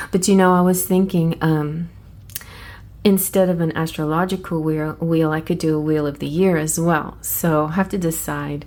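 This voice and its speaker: A woman hosting a casual flip-through review of an oracle deck, chatty and excitable, thinking aloud and restarting her sentences. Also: deep voice, normal speed. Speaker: tarot channel host.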